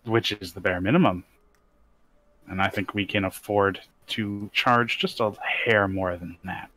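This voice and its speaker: D&d player, man, lowish bright voice, haggles. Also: steady tone, measured pace, no room sound. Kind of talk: tabletop role-play banter.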